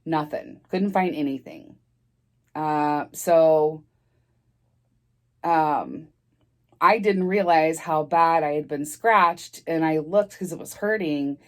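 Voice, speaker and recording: A woman's voice: sits low, slow pace, long pauses. A woman telling a personal story in a casual storytime vlog, rambling with many fillers and restarts and laughing as she talks.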